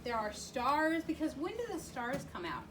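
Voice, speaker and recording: A woman reading a picture book aloud to a child in a slow, sing-song way, stopping to ask questions. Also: high-pitched, big pitch swings. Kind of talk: read-aloud storytelling. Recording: distant mic with clear background noise.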